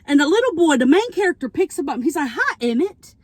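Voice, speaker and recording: A woman's voice: high-pitched, quick pace, dry recording. A woman vlogging from her car, recapping a movie plot in casual, rambling talk and acting out the characters' lines as she eats. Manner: rambling, animated, acts out quotes. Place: in a parked car. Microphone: phone camera.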